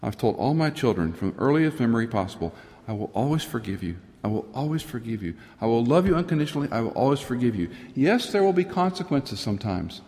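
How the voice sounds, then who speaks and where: A middle-aged man preaching a sermon, earnest, rising high for emphasis and dropping to a near whisper. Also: big pitch swings, a little fast. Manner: earnest, rises in pitch for emphasis, drops to a near whisper at times. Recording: long hall reverb.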